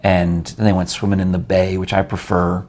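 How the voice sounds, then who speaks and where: A man's voice: deep voice, flat delivery, fairly quick, a little mellow. An older man from New York hosting a casual interview show, chatty and rambling, laughing often. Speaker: talk show host.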